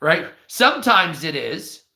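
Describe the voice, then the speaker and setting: A man's voice: on the high side, slow pace, gravelly, roomy sound. A man giving casual, profane ranting commentary as a podcast host, often acting out the voices of the people he describes. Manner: profane, animated, acts out quoted voices.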